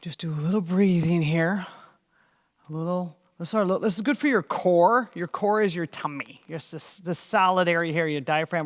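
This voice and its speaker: High-voiced man leading warm-ups. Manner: upbeat, encouraging, coaxing. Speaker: children's program leader. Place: church hall. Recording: echoey hall.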